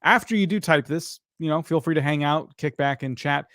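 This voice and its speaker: A man co-hosting a live stream, relaxed and explanatory in casual chat. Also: a little high, moderate pace, no room sound, studio quality. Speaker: livestream co-host.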